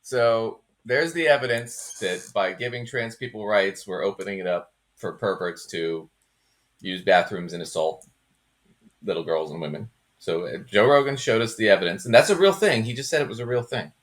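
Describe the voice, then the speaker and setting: A man's voice: lowish voice, normal speed, a bit bright. A man co-hosting a podcast, talking casually and sarcastically about clips he plays. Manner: sarcastic, dismissive. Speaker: podcast co-host.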